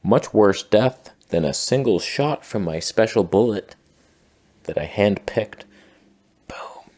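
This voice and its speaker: A man delivering a deadpan satirical monologue in a mock-earnest, sarcastic tone. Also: on the low side, slow pace. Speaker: satirical commentator.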